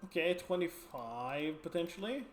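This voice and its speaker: A man's voice: fairly high pitch, expressive, measured pace, echoey room, soft background music. Man thinking aloud over a game. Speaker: streamer. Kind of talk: casual game narration and commentary.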